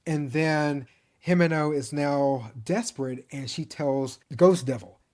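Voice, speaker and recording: A man walks through an anime season in a relaxed, conversational recap. He tells it like a story and breaks into chuckles along the way. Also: a little high, unhurried. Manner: animated storytelling, chuckles often, mimics characters' lines. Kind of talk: casual anime series recap.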